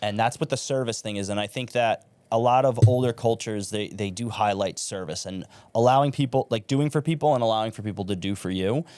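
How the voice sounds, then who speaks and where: A man's voice: lowish voice, brisk, few pauses, darkish tone, clean tone, no echo. Casual swearing young New guy. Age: young adult. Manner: swears freely, storytelling, says like and bro. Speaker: podcast guest. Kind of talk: casual podcast conversation.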